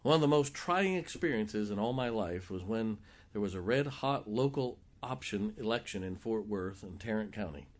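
Animated storytelling man preaching. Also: lowish voice, moderate pace. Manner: animated, jokey storyteller who acts out quotes. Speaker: pastor. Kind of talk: sermon storytelling.

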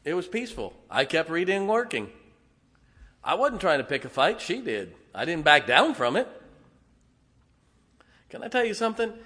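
A middle-aged man preaching in a folksy, animated way, with plenty of asides to the congregation. His voice sits at an ordinary pitch. The sound carries a long hall reverb, as in a church sanctuary. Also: slightly rough. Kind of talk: sermon.

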